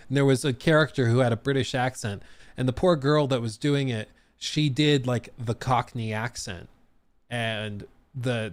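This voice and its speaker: A man's voice: medium pitch, no room sound. A man chatting casually on a live stream, reacting to a video and laughing at his own tangents.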